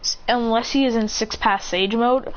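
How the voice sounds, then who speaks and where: A woman's voice: a little high, steady tone, moderate pace. A woman narrating a made-up fan story on the spot, rambling with frequent restarts. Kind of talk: improvised fan-fiction narration. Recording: slightly muffled with faint hiss.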